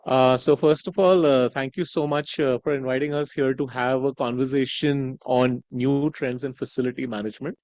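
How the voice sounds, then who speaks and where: A man's voice: mid-range voice, steady tone, moderate pace, hardly any pauses, a little mellow, no echo, rough recording. A man giving a conference keynote, conversational, with frequent "right?" tags and "uh" fillers. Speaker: conference speaker. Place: conference hall.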